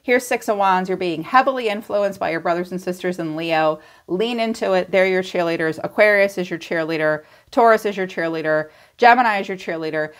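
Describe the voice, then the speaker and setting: A woman giving a casual tarot reading to her viewers, blunt and chatty, teasing and full of fillers. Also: fairly low pitch. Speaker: tarot reader.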